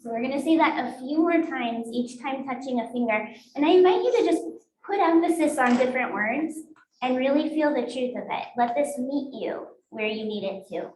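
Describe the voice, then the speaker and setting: A woman minister with a high voice leads worship in a church sanctuary, speaking slowly and deliberately as she invites the congregation in. Her voice rings around a roomy space, with a faint hum of noise behind it. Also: animated. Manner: slow, deliberate, inviting liturgical delivery. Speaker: guest minister. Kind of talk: leading a worship service.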